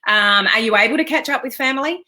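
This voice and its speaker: Australian woman, live stream host, crisp bright voice, chatty, upbeat, laughs easily. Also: on the high side, fast talker. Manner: chatty and upbeat, greets viewers by name, laughs often. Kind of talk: casual live chat with viewers.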